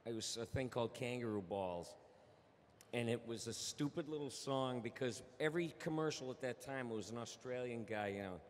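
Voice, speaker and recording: A man telling casual anecdotes as a voice actor on a convention panel, animated and laughing often. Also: mid-range voice, normal speed. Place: large convention hall. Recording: long hall reverb with faint noise.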